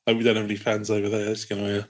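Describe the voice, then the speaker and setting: A man's voice: fairly low pitch, monotone, very fast. A man co-hosting a podcast, joking around in casual banter with quips and some swearing. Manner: jokey, throws in quips and swearing. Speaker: podcast co-host.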